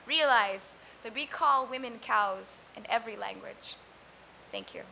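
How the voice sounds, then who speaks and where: A young woman poet from Sudan, Arabic her first language, performing spoken word. Her voice is high and bright, with a faint hiss behind it. She chats loosely, then recites with rhythmic drive. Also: unhurried, gravelly, low-quality recording. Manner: chatty and self-deprecating between poems, rhythmic when reciting.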